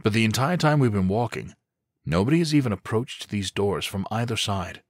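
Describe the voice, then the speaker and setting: A steady SWAT team leader in an action audiobook, giving firm, calm instructions in a deep voice as a male narrator voices him. The sound is close and dry. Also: normal speed, no echo.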